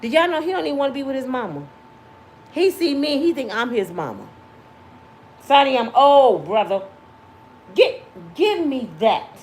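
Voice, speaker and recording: A woman in her fifties hosting her own vlog, talking straight to her viewers in a passionate, preachy way and sometimes yelling. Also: high voice, big pitch swings, normal speed, a little hiss or hum. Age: 50s. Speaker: vlog host. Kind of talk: casual talk to viewers.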